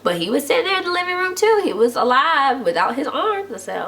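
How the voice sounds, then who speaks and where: Brisk and high-voiced, this woman recaps a TV episode casually for her channel. She chats away, leaning hard on "like," and acts out the quotes with lively voices.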